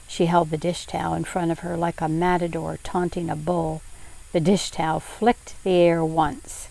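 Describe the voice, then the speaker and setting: An older woman reading a novel aloud in a steady, unhurried way. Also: lowish voice, gravelly, dry recording. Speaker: read-aloud host.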